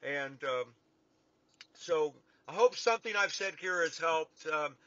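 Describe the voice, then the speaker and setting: Earnest, bright-voiced middle-aged man. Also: on the high side, lively intonation, measured pace, dry recording. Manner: earnest, folksy, repeats for emphasis. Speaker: business coach addressing clients. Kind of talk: casual motivational talk to camera. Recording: dull lo-fi, dry sound.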